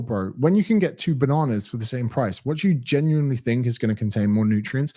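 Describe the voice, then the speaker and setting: Brief: English male fitness coach in his thirties, blunt and ranting, mellow low-toned voice. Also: animated, fast talker, hardly any pauses. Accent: southern English. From England. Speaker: fitness coach answering viewer questions. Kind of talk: casual Q&A livestream.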